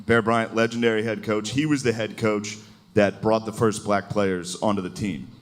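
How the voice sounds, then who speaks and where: Here a comedian does a live stand-up set, his voice on the low side with a steady tone at normal speed. Crowd laughter fills the show as he rambles loosely, cracks himself up, and mimics people in mocking voices.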